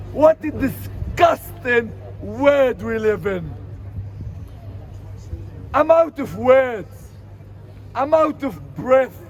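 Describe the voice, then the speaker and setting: A man giving an emotional protest speech outdoors in a city street, his voice rising to shouts. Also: very high-pitched, rough recording. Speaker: protest speaker. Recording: outdoor crowd noise. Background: crowd of protesters.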